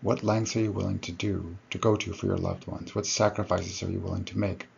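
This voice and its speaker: Guy lecturing his class, gravelly lowish voice, kinda dull lo-fi recording with a bit of hiss. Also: level tone, fairly quick, darkish tone. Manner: explanatory, self-correcting.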